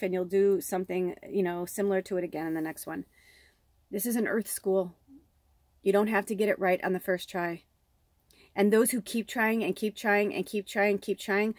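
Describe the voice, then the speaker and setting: A woman's voice: mid-range voice, darkish tone, dry recording, studio quality. A middle-aged woman from the south suburbs of Chicago, giving a casual spiritual tarot reading, rambling off on tangents and swearing freely. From south suburbs of Chicago, USA. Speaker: tarot reader and medium.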